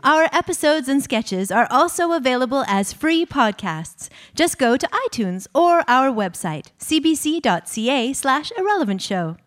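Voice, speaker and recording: A woman hosts a comedy program and reads the show announcements. Her voice sits high and swings widely. She reads with a playful, teasing lilt. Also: big pitch swings, moderate pace, hardly any pauses, fairly bright tone.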